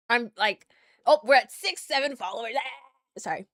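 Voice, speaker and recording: Chatty excited lady streamer talking to her chat, kinda high voice, dry close mic. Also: normal speed, no echo. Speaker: gaming streamer. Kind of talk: casual live-stream chat.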